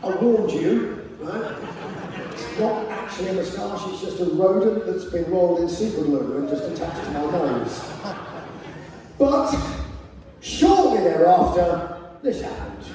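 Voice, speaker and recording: On a theater stage, a man performs wry, self-mocking comic stories, filmed by a camera in the front row. His high-pitched voice swings widely in pitch, and he takes his time with long pauses. The hall sounds distant and echoey, with crowd noise around him.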